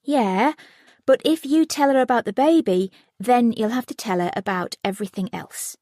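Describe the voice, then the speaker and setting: A woman's voice: a little high, moderate pace, warm tone, no echo, clean studio sound, pitched above the performer's own voice, natural voice. A woman voicing a controlling, persuasive teenage girl in an audiobook, speaking insistently.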